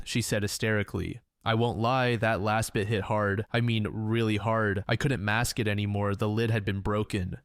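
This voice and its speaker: Man narrating a reddit story, low voice, even and flat, dry close mic. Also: moderate pace, few pauses, no echo.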